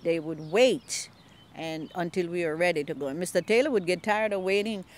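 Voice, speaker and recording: A woman's voice: on the low side, normal speed. An older woman and longtime community gardener, telling stories in a casual interview and acting out the voices she quotes, recorded outdoors in a garden. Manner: animated storyteller, acts out quoted voices.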